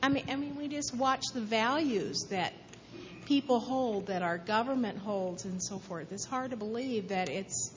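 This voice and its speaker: A woman's voice: fairly high pitch, normal speed, long reverb tail, highs cut off, a little hiss or hum. A woman in a class asking a question and sharing her view thoughtfully, with some restarts and fillers.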